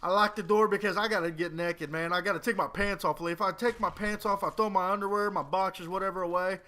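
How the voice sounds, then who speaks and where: A man's voice: high-pitched, fairly even intonation, fast, sharp tone. A man in his late twenties telling a rambling, profane, joking story as casual commentary over a video game. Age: 20s. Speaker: gaming commentator.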